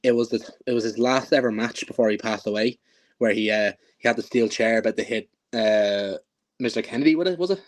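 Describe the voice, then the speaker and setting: Laid-back young man, halting speech. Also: lowish voice. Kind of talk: casual chat.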